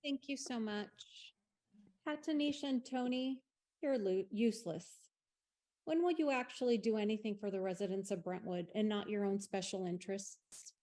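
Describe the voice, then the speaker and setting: A woman's voice: mid-range voice, moderate pace, warm tone. A woman giving an angry, blunt public comment at a city council meeting. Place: city council chamber at a podium.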